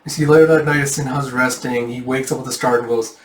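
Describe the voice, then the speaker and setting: A man's voice: medium pitch, steady tone, fast. A man casually reading through a manga, often putting "it's like" before the lines he quotes. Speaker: manga reader. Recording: roomy, distant mic.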